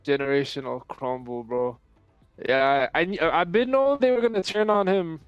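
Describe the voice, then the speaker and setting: A man chatting with a friend while gaming on a stream, slangy and animated in quick bursts. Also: on the high side, smooth, dry recording, highs cut off, faint music behind. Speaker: gamer on stream. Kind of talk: casual chat while gaming.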